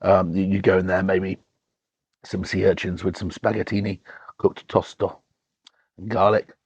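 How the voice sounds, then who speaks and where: A man's voice: low voice, level tone, moderate pace, a little mellow, husky, no echo, highs cut off. A man hosts a casual wine tasting, talking enthusiastically with lots of ums and restarts. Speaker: wine reviewer and show host.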